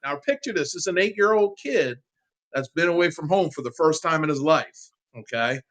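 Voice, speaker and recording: A man in his fifties, a guest on a sports interview, telling a heartfelt childhood story in an animated, casual way. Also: fairly high pitch, moderate pace, rough recording.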